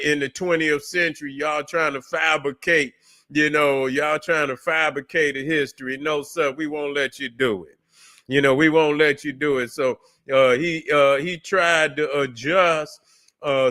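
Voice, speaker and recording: A man hosts a livestream and rants in a slow, drawn-out way, stacking up fillers and restarts. His voice sits a bit high for a man and rings bright and clear. He sounds profane and mocking. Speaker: livestream host. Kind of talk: casual ranting commentary.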